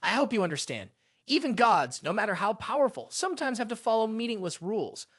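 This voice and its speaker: Guy doing a dramatic sun god, proud and whiny, high lively voice, dry sound. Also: a little fast, dry recording, exaggerated voice. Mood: calm. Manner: indignant, complaining.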